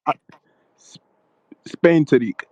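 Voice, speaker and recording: A man's voice: slow, dry recording, natural voice. A male caller doing a character with a put-on Indian accent, stubbornly repeating short phrases. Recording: dull dry phone line.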